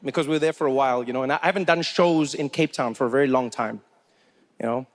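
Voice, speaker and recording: A man from Africa, telling stories on stage in a chatty, animated stand-up comedy style, on a handheld mic. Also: medium pitch, quick pace. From South Africa. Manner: chatty, animated, acts out characters. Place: stage at a live show.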